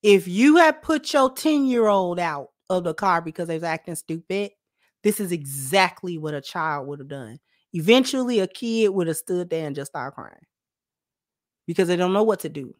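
A woman's voice: fairly low pitch, lively intonation, moderate pace, no echo, clean studio sound. A woman hosting and commenting on a clip, blunt and scolding. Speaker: host and commentator. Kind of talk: reaction commentary.

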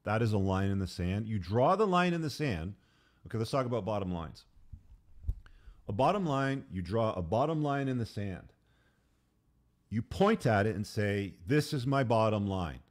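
A man's voice: on the low side, sing-song, normal speed, pauses often. A man hosting a podcast, giving blunt, emphatic advice and telling stories. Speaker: podcast host. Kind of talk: advice monologue with anecdotes.

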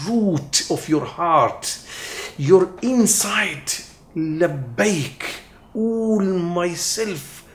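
A male preacher delivering a teaching sermon with a fairly high-pitched voice. He is emphatic, rising to loud declarations and dropping to hushed intensity. He poses rhetorical questions and answers them himself, and the room around him rings with echo. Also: slight background noise. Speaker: Islamic preacher. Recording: echoey room.

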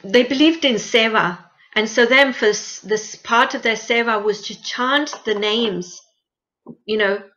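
Woman explaining meditation, earnest and patient, slightly high voice, dull muffled audio. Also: a little slow. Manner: earnest, gently instructive, repeats phrases for emphasis. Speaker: interview guest, meditation teacher. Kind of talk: conversational interview. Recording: lo-fi muffled sound.

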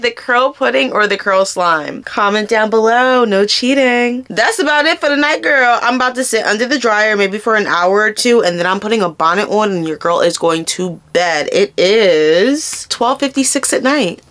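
A woman's voice: mid-range voice, normal speed, hardly any pauses, fairly bright tone. A young woman chatting through a casual hair tutorial vlog, talking to her viewers like friends. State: raspy just-woken voice. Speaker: hair vlogger.

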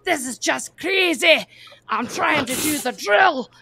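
A woman's voice: high-pitched, expressive, takes it slowly, vocal fry, sharp tone, no echo, pitched above the performer's own voice, exaggerated voice. A woman putting on the voice of a frustrated woman who cannot get her task done. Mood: exasperated. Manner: exasperated, pleading. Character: frustrated woman trying to finish a drill.

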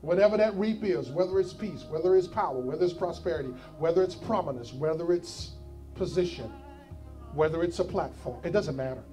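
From the pulpit, a pastor with a high-pitched male voice gives an altar call at a fairly quick pace, repeating his pleas over and over until they rise into shouts. Soft music plays underneath.

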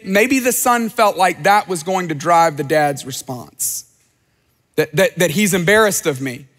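High-voiced man preaching in a hall. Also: fairly bright tone. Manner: earnest, conversational preaching with repeated phrases. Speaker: pastor. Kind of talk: sermon. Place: large church auditorium. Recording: church hall reverb.

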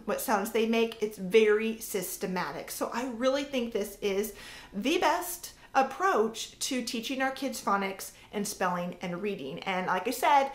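A homeschooling mom in her thirties talks to the camera about teaching reading, casually sounding out examples as she goes. Her voice is a little high, and the room is echoey.

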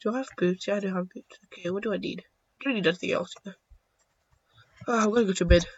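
A young man giving excitable, joking commentary while playing a video game, swearing now and then. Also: sits high, quick pace, slightly rough, dry recording. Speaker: gaming YouTuber. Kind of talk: casual gameplay commentary. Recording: dull lo-fi dry sound.

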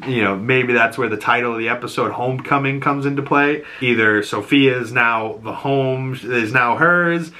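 Bright-voiced man recapping a show casually. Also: medium pitch, normal speed, few pauses. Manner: loose and profane, chatty fillers. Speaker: podcast host.

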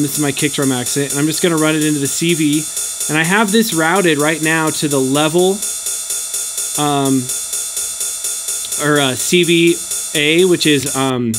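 A man's voice: on the high side, normal speed. A man hosting a hands-on synth tutorial, explaining casually with plenty of fillers. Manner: relaxed, filler-heavy explaining. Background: electronic music playing from his rack.

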